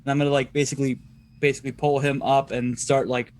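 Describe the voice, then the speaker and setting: A man's voice: mid-range voice, level tone, fast, darkish tone. A man playing a tabletop role-playing game, casual and thinking aloud with many fillers. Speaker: player.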